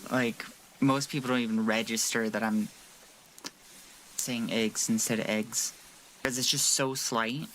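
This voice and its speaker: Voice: mid-range voice, fairly even intonation, unhurried, long pauses, fairly bright tone, a little hiss or hum. A streamer from rural Washington with a Seattle accent, chatting casually while playing a game and answering chat. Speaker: gaming streamer.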